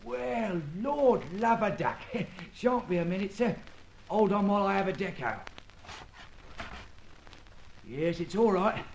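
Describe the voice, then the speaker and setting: An actor playing a cheerful, loyal former safecracker with a London Cockney accent and chirpy working-class patter, in a 1940s-style radio drama. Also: male voice, sits high, lively intonation, moderate pace, a little hiss or hum. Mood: friendly.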